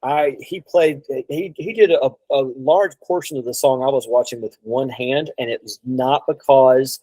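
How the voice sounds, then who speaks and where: A man's voice: medium pitch, moderate pace, dark tone, no echo, poor audio. A man telling a long road story in a casual chat, rambling, with many restarts and quoted asides. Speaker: guest drummer.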